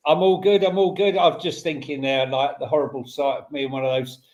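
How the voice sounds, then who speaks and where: A man co-hosts a casual football chat in a laid-back, easygoing way. His voice sits a bit high, and the recording carries a noticeable roomy echo. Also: fairly even intonation, a little fast, a little mellow, dull audio. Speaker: podcast co-host. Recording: roomy echoey sound.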